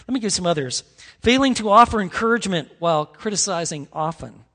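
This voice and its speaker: A man's voice: high-pitched, animated, brisk, fairly bright tone, breathy edge, big-room sound. A man preaching a sermon as pastor, earnest and conversational, with frequent restarts and fillers. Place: church sanctuary.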